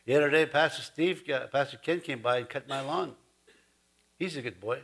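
A man's voice: mid-range voice, normal speed, creaky, noisy background. A man preaching a sermon in a folksy, chuckling way, rising to emphatic points. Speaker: pastor.

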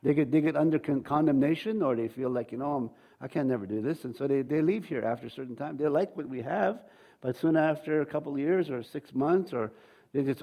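Male pastor, conversational sermon, slightly high voice, acts out voices. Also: fairly quick, dark tone. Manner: conversational preaching, acts out quoted voices, repeats words.

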